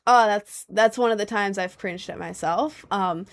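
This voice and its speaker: A young woman with a low voice, chatting casually on a livestream and reading out comments, playful and giggly. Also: a little slow. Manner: playful and giggly, with sudden squeaky bursts.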